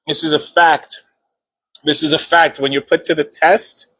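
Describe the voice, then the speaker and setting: Bright-voiced upbeat man on a live stream. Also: on the high side, level tone, unhurried, husky, poor audio. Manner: encouraging, repeats his points. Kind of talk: casual live-stream chat.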